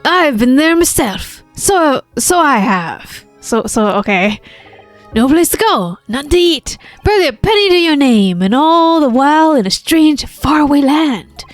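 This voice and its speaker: A woman's voice: high voice, big pitch swings, measured pace, faint music behind, pitched above the performer's own voice. A woman reading aloud as a brash Irish street man, in a put-on Irish accent, chummy and cocky.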